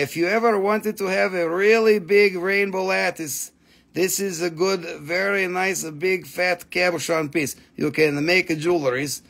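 A man's voice: high-pitched, creaky. Crude, joking man selling crystals. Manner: crude joking sales patter. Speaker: live sale host. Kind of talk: live shopping stream.

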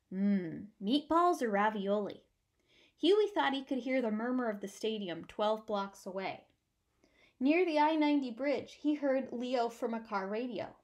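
A woman reading a children's picture book aloud with warm, expressive storytelling. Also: a little high. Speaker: storybook reader.

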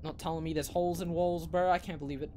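A young man streaming a horror game, who screams, swears and panics loudly as he plays. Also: on the high side, steady tone, fast, slight background noise. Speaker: gaming streamer. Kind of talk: live horror game reactions.

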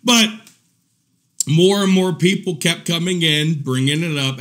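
An unhurried man hosts a live commentary stream full of profanity, crude and mocking in tone. He laughs at his own jabs, and his delivery swings from low muttering to loud, indignant rants.

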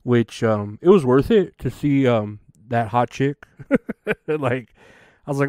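A man's voice: mid-range voice, lively intonation, normal speed, darkish tone, dry recording, studio quality. A young man hosting a solo podcast, rambling casually with lots of swearing and laughter. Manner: rambling and profane, laughs often. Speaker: podcast host.

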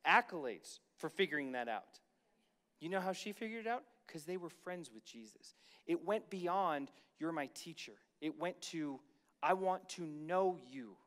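A man preaching a sermon as pastor, reading scripture and then commenting casually to the congregation, slowing down to stress key lines. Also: fairly high pitch.

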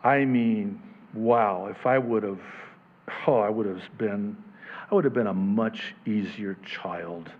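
A male pastor preaching a conversational sermon, swinging between loud emphatic peaks and soft low murmurs, chuckling at his own asides. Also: slow pace, phone-quality sound, slight background noise.

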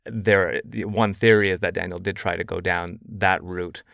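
A man, a journalist guest, explaining events in a measured, steady way in a conversational interview. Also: low-pitched, vocal fry, no echo, clean studio sound.

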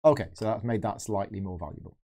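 A man's voice: lowish voice, quick pace, mellow. A man hosting a board game channel, thinking aloud as he plays through a solo game and explains each move. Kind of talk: solo game playthrough commentary.

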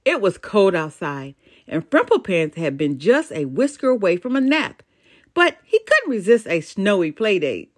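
Reading from a children's storybook, an older woman uses her mid-range voice for lively, animated storytelling and leans on dramatic pauses.

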